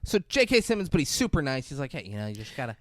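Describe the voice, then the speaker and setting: A man's voice: medium pitch, very fast, no echo, studio quality. A man co-hosting a podcast, bantering casually with jokes and swearing while recapping a movie. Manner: joking, swearing, lively banter. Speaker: podcast co-host. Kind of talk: casual movie review chat.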